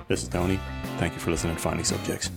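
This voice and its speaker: A man's voice: low-pitched, little pitch movement, racing, creaky, loud music behind the voice. A middle-aged man hosting a podcast, rambling casually and laughing at himself while driving in traffic. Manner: chatty, wandering, laughs at himself. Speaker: podcast host. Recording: car road noise behind voice.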